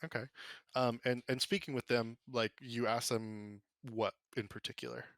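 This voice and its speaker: A man narrating as game master for a tabletop game, relaxed and casual, with many fillers. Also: mid-range voice, no echo. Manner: relaxed, filler-heavy narration with quick voiced bits for side characters.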